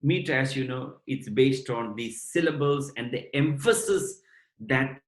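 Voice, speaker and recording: A man giving a devotional lecture on scripture to his students, explaining point by point in a measured way. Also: mid-range voice. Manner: measured, explanatory, addresses listeners as brothers and sisters. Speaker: spiritual lecturer. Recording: roomy echo.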